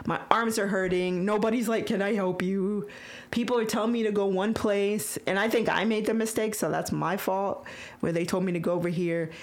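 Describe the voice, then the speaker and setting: A woman hosting a podcast, retelling a story in casual chat, excitable and emotional with frequent stammers. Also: medium pitch, brisk. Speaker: podcast host.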